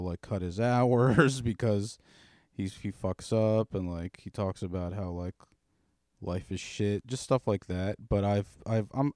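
Low, dark-voiced man telling profane tales. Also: no echo, clean studio sound. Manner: profane, rambling, darkly joking storyteller. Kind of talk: casual chat, spinning a long comic story.

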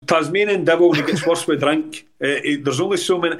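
A man with a Scottish accent spins rambling anecdotes as a podcast guest. He jumps between memories and restarts his sentences, keeping the talk animated and casual. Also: on the high side, fast. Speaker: former footballer, guest. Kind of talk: casual storytelling in a podcast interview.

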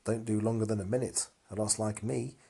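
A man hosts a casual call-in chat, encouraging and playful with the callers. His voice is low and a bit husky. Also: steady tone, brisk, mellow.

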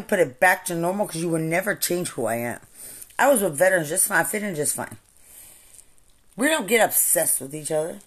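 A woman's voice: fairly low pitch, expressive, a little fast, a bit bright, slightly rough. A woman and military veteran delivering an angry, profane and repetitive ranting monologue.

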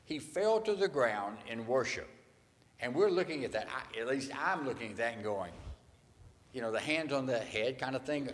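A man preaching a sermon, telling the story with animated, conversational delivery and acted-out quotes. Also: mid-range voice, normal speed. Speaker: pastor. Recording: long hall reverb.

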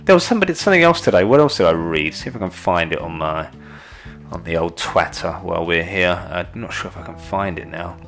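A man's voice: deep voice, normal speed, fairly bright tone, soft background music. A man ranting in a casual monologue, sweary and exasperated, rambling with restarts.

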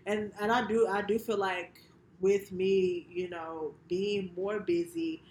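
A woman's voice: medium pitch, steady tone, slow, a little mellow. A woman co-hosting a casual chat, speaking reflectively with hesitant fillers. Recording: echoey room with faint noise.

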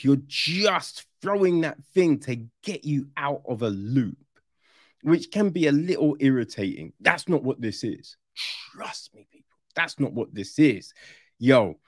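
A film reviewer, giving a casual, animated review full of swearing and acted-out reactions. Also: medium pitch, dry recording, studio quality.

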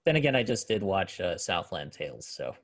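Low-voiced man, halting and unsure. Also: sing-song. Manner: hesitant, trails off and restarts. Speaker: podcast co-host. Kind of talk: casual chat.

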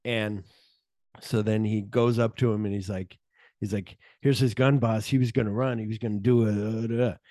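Man, low voice, mellow tone, dry close sound, casual podcast chat, animated film recap, acts out lines. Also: no room sound. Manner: animated retelling, acts out lines in quick voices, swears freely. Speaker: podcast co-host.

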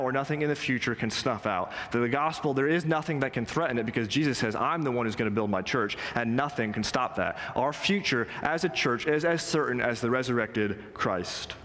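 A male pastor delivers an earnest, emphatic sermon in a mid-pitched voice. He slows down and leans into the lines he quotes. His voice rings out with the long reverb of a church sanctuary. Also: a bit bright. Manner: emphatic, earnest preaching with slow stressed quotes.

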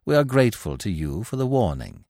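A man's voice: fairly low pitch, big pitch swings, a little fast, creaky, dark tone, no room sound, heavily acted. Suave, ironic young man; male narrator voicing him, dry and close. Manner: suave, wry. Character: quick-witted young man, smooth and ironic.

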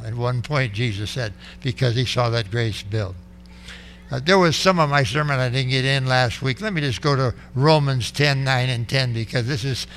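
Male pastor, fairly high, bright and forceful voice, emphatic sermon delivery with sudden loud bursts. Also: slight background noise.

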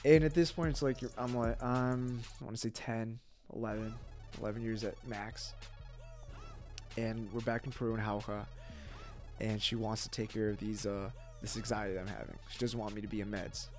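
A man, a podcast guest, telling a personal story in casual talk, animated, with lots of fillers and swearing. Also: fairly low pitch, moderate pace, faint music behind.

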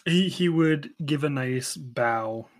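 A man chatting casually at a tabletop roleplaying game, joking and teasing his friends between turns. His voice sits at an everyday middle pitch. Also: slow pace. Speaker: player.

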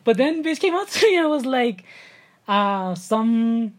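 A woman's voice: fairly high pitch, very animated, measured pace. A young woman from New York with a New York accent, co-hosting a podcast in casual chat, laughing often, swearing freely and calling her listeners guys. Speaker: podcast co-host.

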